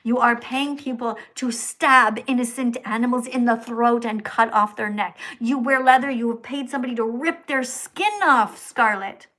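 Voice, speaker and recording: A woman's voice: on the high side, normal speed, few pauses. Scolding woman streamer, whisper to outburst. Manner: preachy, scolding, repeats the commenter's name; swings between hushed whispers and loud outbursts. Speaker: livestream host. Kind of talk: livestream reading paid chat messages.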